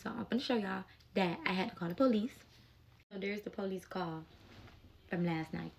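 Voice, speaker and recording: A young adult woman telling a personal story in a casual storytime vlog, animated and emotional, with plenty of slang. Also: mid-range voice, moderate pace, vocal fry, slight background noise.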